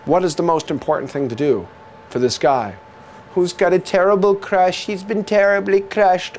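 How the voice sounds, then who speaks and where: A male lecturer with a notably high voice for a man, teaching with theatrical flair. He fires rhetorical questions at his listeners, repeats the answers for emphasis, and drops jokes between the facts. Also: normal speed. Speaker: medical exam review lecturer. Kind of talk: jokey recorded lecture.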